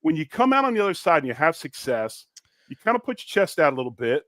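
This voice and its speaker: A man's voice: on the high side, big pitch swings, quick pace, a bit bright, no room sound, studio quality. A man co-hosting a sports podcast, talking in a passionate, emphatic way and repeating words when he gets fired up. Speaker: podcast co-host. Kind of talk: casual sports talk.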